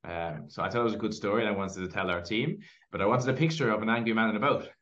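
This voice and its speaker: A man speaking as a podcast guest who tells stories in an animated way, with plenty of fillers and restarts. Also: on the low side, rapid-fire, dull audio. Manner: animated storyteller, lots of fillers. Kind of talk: casual interview storytelling.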